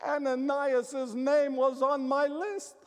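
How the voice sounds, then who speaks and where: High-voiced man telling a dramatic story. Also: level tone, takes it slowly, in a large hall. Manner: dramatic, repeats phrases for emphasis, raises voice when calling out. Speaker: actor portraying a biblical figure. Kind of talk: first-person dramatic storytelling monologue.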